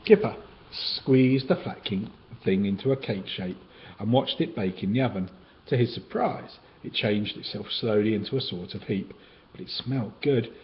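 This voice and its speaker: A man reading children's picture books aloud in a gentle, sing-song storytelling way, on a dull, lightly hissing recording. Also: on the low side, moderate pace.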